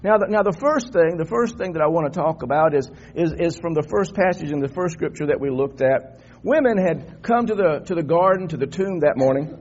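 A man's voice: on the high side, expressive, a little fast, a little mellow. An older man preaching an Easter sermon in a church, talking conversationally and climbing into fervent emphasis. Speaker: pastor. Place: church sanctuary. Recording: dull lo-fi church recording.

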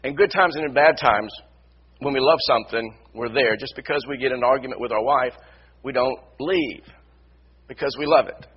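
Husky-voiced preacher delivering a sermon. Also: male voice, medium pitch, moderate pace, dull audio. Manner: repetitive, builds to shouted emphasis. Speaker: pastor. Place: church sanctuary.

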